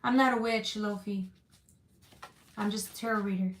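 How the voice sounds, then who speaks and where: A woman's voice: mid-range voice, fairly even intonation, normal speed, slight background noise. Tarot lady on a live stream, chill and comforting, talks to chat, roomy echo. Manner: casual, reassuring, reads chat comments aloud. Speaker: tarot reader.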